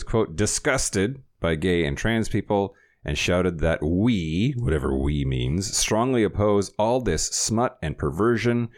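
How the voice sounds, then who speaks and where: A man with a deep, low-pitched voice runs through the week's news on a podcast. He keeps it conversational, pausing for wry side comments and quick laughs. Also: darkish tone. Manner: reads news items with wry asides and laughs. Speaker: podcast host. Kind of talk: casual news rundown.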